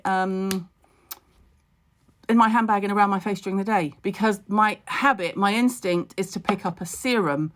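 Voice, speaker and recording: Blunt, chatty woman on a home live stream. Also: medium pitch. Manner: chatty, blunt and wry, with asides and quick jokes. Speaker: skincare expert hosting a live stream. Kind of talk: casual live-stream chat.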